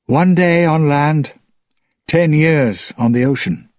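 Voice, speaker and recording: A man voicing a loyal, weary old pirate father in a higher, strained tone. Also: slow pace, a little mellow, dry recording, clean studio sound.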